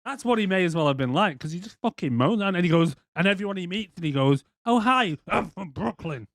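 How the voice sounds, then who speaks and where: A man's voice: high voice, animated, fast talker, dry recording, studio quality. A man co-hosting a podcast, ranting in casual, profane chat and slipping into mock voices. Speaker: podcast co-host.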